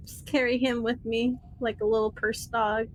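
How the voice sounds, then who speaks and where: A woman player at a tabletop game, excited and easygoing. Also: fairly high pitch, normal speed, a little hiss or hum. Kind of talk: casual tabletop gaming chat.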